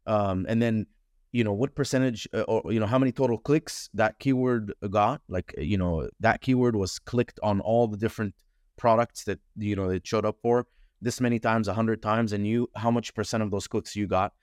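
Casting: blunt, lively man guest, lowish voice, dry close mic. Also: moderate pace, no room sound. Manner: animated, frank, swears casually, many fillers. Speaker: podcast guest, advertising consultant. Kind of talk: casual conversational interview.

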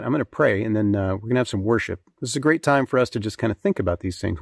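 A man's voice: fairly low pitch, vocal fry, darkish tone, breathy edge, dry recording, clean studio sound. A man preaching a conversational sermon, reading scripture and talking earnestly with fillers and restarts.

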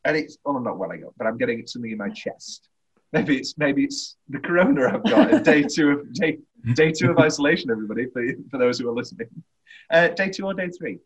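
A young man hosting a casual film chat, rambling and halting, laughing often. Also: medium pitch, lively intonation, breathy edge, poor audio. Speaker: podcast host.

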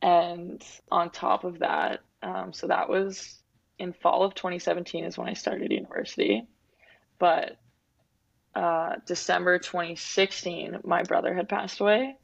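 Gravelly-voiced woman, candid. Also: fairly low pitch, level tone, a little slow, no room sound. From Winnipeg, Canada. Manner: reflective, open, heavy use of "like" and "um". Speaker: guest athlete. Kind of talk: candid interview talk. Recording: dull, dry lo-fi recording.

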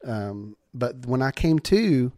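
A man casually telling a story from his youth, laughing often and acting out quoted voices in a high pitch. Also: sing-song, slow, mellow, dry recording, studio quality.

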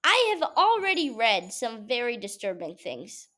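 A woman's voice: fairly high pitch, measured pace. A young woman, a college student, chatting casually to the camera in a vlog, telling stories with lots of fillers. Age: young adult. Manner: chatty, animated storytelling with frequent fillers. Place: at home.

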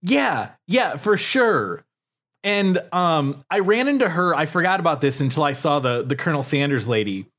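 Lively rambling young man. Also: on the high side, moderate pace. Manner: rambling storytelling, many "like" fillers, swears. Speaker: podcast co-host. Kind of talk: casual chat.

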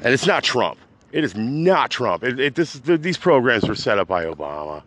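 An agitated man rants on his own podcast, rambling and restarting as he swings between loud outbursts and low mutters. His voice sits mid-pitched. A faint hum of ambience runs behind him. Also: very animated, moderate pace. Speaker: podcast host. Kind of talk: unscripted rant.

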